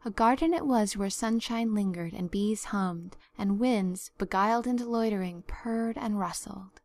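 A woman narrating a story as an audiobook reader, measured and expressive. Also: mid-range voice. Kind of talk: scripted narration.

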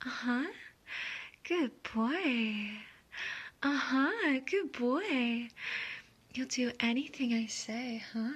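High breathy girl doing whispered role-play, slow and teasing, lots of soft uh-huhs. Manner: teasing, dominant, murmured uh-huhs between slow phrases, breaking into giggles. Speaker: audio role-play performer.

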